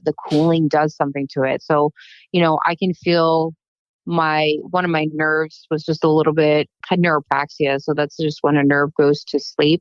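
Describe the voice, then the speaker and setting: A deep-voiced woman chats on a podcast and tells animated stories, acting out the other people in them. The recording is dry and a little dull. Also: no room sound. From United States. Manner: animated storytelling, acts out quotes. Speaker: guest, plastic surgeon. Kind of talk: casual podcast chat.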